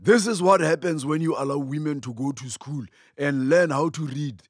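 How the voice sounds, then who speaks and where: A brash, arrogant young politician, as a man puts him on, blustering and dismissive in a satirical puppet sketch. The voice is fairly high for a man and dry. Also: normal speed, dry recording, lightly acted. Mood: scornful. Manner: blustering, royal "we".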